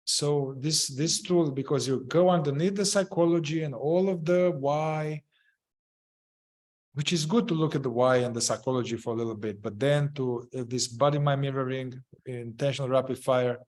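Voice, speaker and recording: Male group facilitator, mid-pitched, halting delivery with repeated phrases, teaching a therapy technique. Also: steady tone, darkish tone. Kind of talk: explaining a therapy method to a group.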